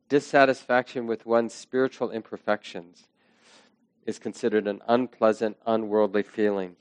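A man teaching a meditation class, speaking slowly and reflectively, letting his phrases trail off softly. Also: lowish voice, steady tone, no echo. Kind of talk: dharma talk to a class.

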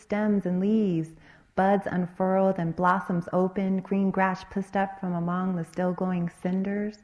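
Meditation teacher lady reading a dharma tale, lively and rhythmic, kinda muffled. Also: mid-range voice. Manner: expressive, rhythmic story reading. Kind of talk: storytelling in a dharma talk.

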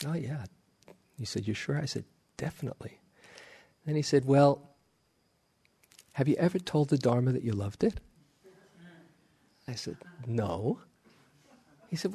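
A middle-aged man, a meditation teacher, giving a dharma talk in a slow, gentle storytelling manner with soft laughs. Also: mid-range voice, breathy edge.

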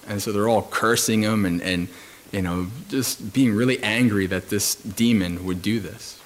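A monk giving a Dhamma talk at a retreat, telling stories calmly with frequent fillers and restarts. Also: male voice, on the low side, measured pace.

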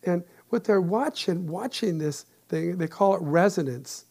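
A man in his sixties, a meditation teacher and therapist, giving a calm, reflective dharma talk with gentle humor. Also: high voice, a little slow, gravelly.

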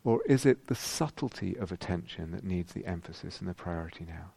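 A British meditation teacher speaks in a reflective, unhurried way, pausing and restarting as he searches for words. His voice sits low with a gravelly edge. The sound is dry and close. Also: expressive, no echo. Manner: gentle, reflective, many pauses and restarts. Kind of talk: dharma talk. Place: retreat meditation hall.

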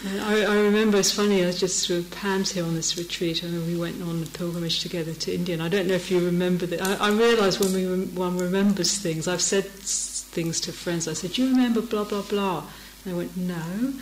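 A woman's voice: lowish voice, steady tone, fairly quick, few pauses, slight background noise. A middle-aged woman, giving a dharma talk as a meditation teacher, telling stories and laughing often. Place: meditation hall. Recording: echoey meditation hall.

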